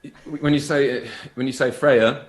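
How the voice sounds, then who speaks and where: A man's voice: mid-range voice, steady tone, unhurried, rough recording. A man from England, a guest musician, chatting casually from his home over a video call, rambling a bit and laughing easily. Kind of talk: casual chat.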